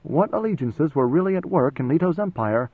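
A man narrating an audiobook in an even, steady storytelling manner. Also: fairly high pitch, fairly quick, no room sound. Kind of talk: scripted narration. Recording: dry, phone-like narrow sound.

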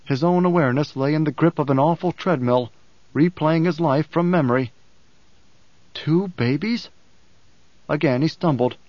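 Guy reading an audiobook, slow and deliberate, kinda muffled dry sound. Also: a little high, no room sound. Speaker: narrator. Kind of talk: audiobook narration.

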